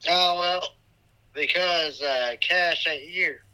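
A drunk man with hiccups, trading loud, profane comedic banter over a phone from a hospital room. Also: fairly high pitch, takes it slowly, smooth, poor audio. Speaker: comedy show regular.

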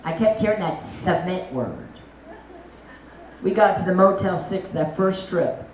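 Lady evangelist telling her story, folksy and lively, roomy far-off sound. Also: lowish voice, a little slow, a little hiss or hum. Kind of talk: testimony preaching. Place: church meeting hall. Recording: echoey hall, mic at a distance.

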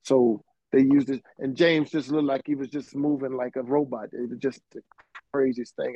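A man's voice: medium pitch, steady tone, moderate pace, dark tone, dry recording, rough recording. A middle-aged man, a keyboardist guest telling rambling anecdotes full of restarts and "man". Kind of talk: casual storytelling.

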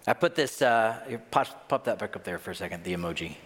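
A man's voice: on the low side, expressive, quick pace, a bit bright, in a large hall, a little hiss or hum. A man preaching a sermon as pastor, who acts out voices and reactions of the people in his story. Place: church.

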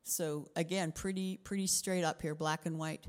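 Middle-aged Canadian woman pastor, lower voice, expressive sermon delivery with dips into whispers, echoing hall. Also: normal speed. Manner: expressive, drops to whispers for emphasis.

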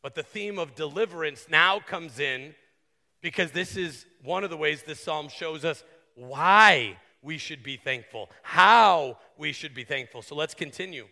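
Male pastor, high gravelly voice, earnest sermon delivery, conversational asides, long church reverb. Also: measured pace, sharp tone. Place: church sanctuary.

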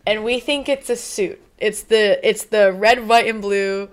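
A young woman co-hosting a casual fan discussion, excitable and quick to squeal when thrilled. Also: medium pitch. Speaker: co-host.

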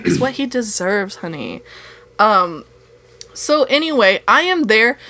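A woman's voice: a little high, big pitch swings, unhurried, bright, forceful tone, no room sound. A young woman in her twenties co-hosting a casual podcast, telling a long rambling story full of swearing and dry sarcasm. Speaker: podcast co-host. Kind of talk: casual chat.

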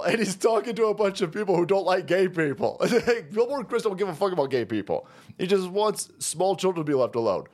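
A man's voice: sits high, lively intonation, brisk, a little mellow. A man hosting his own channel, delivering a foul-mouthed, mocking political rant. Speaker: commentary channel host.

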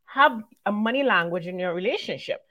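A woman's voice: medium pitch, expressive, fairly quick, muffled recording. A woman hosting a casual video podcast over a remote call, bubbly and teasing, laughing often. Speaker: podcast host. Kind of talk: casual chat. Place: home in Atlanta.

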